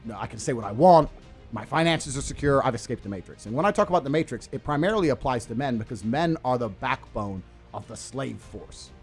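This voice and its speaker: A man giving blunt, forceful advice, swearing and acting out what he would say. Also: medium pitch, lively intonation, a little fast, soft background music. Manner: blunt, forceful, swears, acts out quoted lines. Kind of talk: motivational advice clips.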